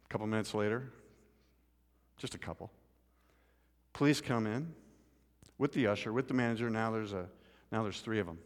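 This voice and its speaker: Preaching man in a reverberant hall. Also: fairly quick. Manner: storytelling, swings from loud urgent pleading to quiet low asides. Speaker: pastor. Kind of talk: sermon. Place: church sanctuary.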